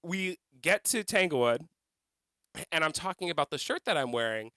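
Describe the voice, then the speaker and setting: A man's voice: on the high side, expressive, moderate pace, sharp tone, smooth, dry recording. A man co-hosting a podcast, telling a funny story animatedly, laughing and swearing as he goes. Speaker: podcast co-host. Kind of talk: casual storytelling.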